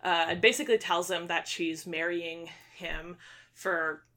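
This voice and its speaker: Bright-voiced young woman retelling a story. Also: lowish voice, a little slow. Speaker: book reviewer. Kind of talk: casual chat.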